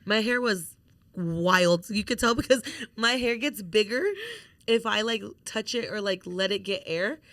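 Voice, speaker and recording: A woman's voice: medium pitch, measured pace, no echo. A young woman co-hosting a podcast, telling a story in casual chat with lots of swearing and acted-out quotes. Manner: animated storytelling, swears freely, acts out quotes. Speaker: podcast co-host.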